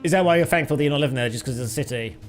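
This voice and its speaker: A young British flight sim streamer chats casually with his live chat while flying, rambling and laughing often. He speaks very fast in a mid-range voice, with faint music behind him.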